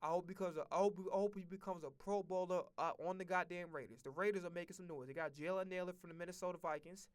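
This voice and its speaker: A man's voice: high voice, fairly even intonation, fast talker, few pauses, smooth. A man streaming a casual football rant, blunt and profane, full of slang and repeated phrases. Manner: profane, blunt, heated ranting.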